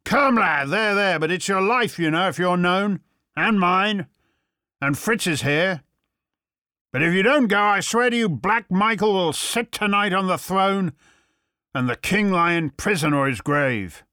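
A man reading an audiobook voices a gruff, grizzled old soldier who talks bluntly and forcefully. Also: sits high, measured pace, no room sound, studio quality, pitched above the performer's own voice. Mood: urging. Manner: forceful, swearing, commanding.

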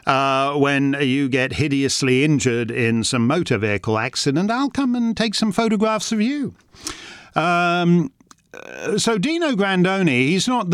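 Combative rambling man with a lively voice. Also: medium pitch, no room sound, clean studio sound. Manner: rambling and combative, with frequent restarts; reads out listener questions. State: uses a wheelchair. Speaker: host answering member questions. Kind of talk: casual monologue.

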